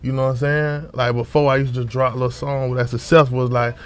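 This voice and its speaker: A young man from Orlando talks about his rap career in a loose, rambling way, full of street slang and "you know what I'm saying." His delivery stays flat and even, with little rise and fall. He speaks as a guest in a casual interview. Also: mid-range voice, brisk, clear, resonant tone. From Orlando, Florida. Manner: loose, repetitive, street slang, frequent fillers. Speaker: rapper guest.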